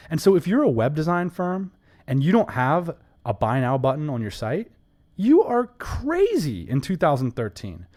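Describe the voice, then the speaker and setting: A man co-hosting a casual business podcast, talking emphatically and enthusiastically with quick asides. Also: a little high, wildly swooping pitch, a little mellow. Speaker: podcast co-host.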